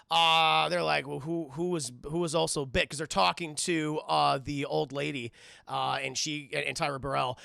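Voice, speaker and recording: Gravelly, bright-voiced man streaming to chat. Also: fairly high pitch, no echo, studio quality. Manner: animated, acts out characters' lines in quick impressions. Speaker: streamer reviewing a film. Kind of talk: casual livestream recap talking to chat.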